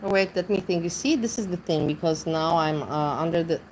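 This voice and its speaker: Rambling low-voiced woman streamer. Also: fairly quick, a little mellow, a little hiss or hum, low-quality recording. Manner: rambling, searches for words, restarts often. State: intoxicated. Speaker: livestreamer reading chat. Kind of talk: casual livestream chat.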